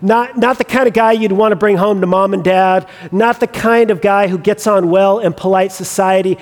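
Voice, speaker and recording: Halting, nervous messengers before the king, put on by a high-voiced preacher, in a reverberant hall. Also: steady tone, natural voice. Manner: hesitant, halting. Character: nervous ancient royal messengers reporting to their king. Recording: long reverb of a large hall.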